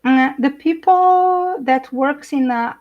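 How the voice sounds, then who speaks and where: A middle-aged Brazilian woman speaking English with a Brazilian Portuguese accent, an animated guest in a live video chat who laughs often and searches for words. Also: high voice, takes it slowly, muffled recording. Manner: animated, laughs often, hesitant non-native phrasing. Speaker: guest speaker, intercultural trainer.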